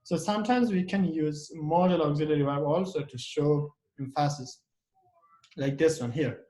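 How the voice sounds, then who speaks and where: A man teaching an English grammar lesson, repeating example sentences slowly with heavy stress and often restarting his words. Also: on the high side, a little mellow, roomy sound. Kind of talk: online class lesson.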